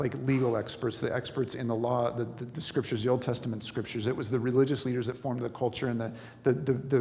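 A man's voice: mid-range voice, a little mellow. Earnest male pastor in a reverberant hall. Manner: earnest, explanatory, repeats words while building a point. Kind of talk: sermon.

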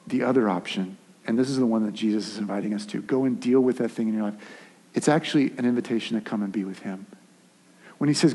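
Male pastor, casual animated sermon delivery, mellow and slightly husky, long reverb of a hall. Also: on the low side, fast. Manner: animated, conversational preaching with restarts and acted asides.

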